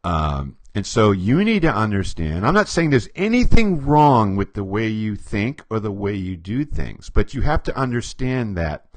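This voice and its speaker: Animated low-voiced man explaining. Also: moderate pace, few pauses, no echo. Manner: animated, acts out quotes, chuckles often. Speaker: behavior profiler. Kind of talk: storytelling explanation to camera.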